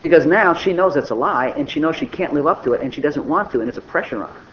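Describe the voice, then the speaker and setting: A man's voice: a little high, animated, fast. An older man giving an informal, conversational sermon, acting out little dialogues as he goes. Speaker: preacher. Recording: dull lo-fi recording with faint noise.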